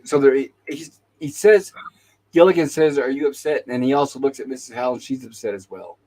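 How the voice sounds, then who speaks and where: A man's voice: medium pitch, a little fast, a little mellow, rough recording. A man hosting a talk show, casually retelling TV episode scenes and quoting the characters' lines. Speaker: podcast host.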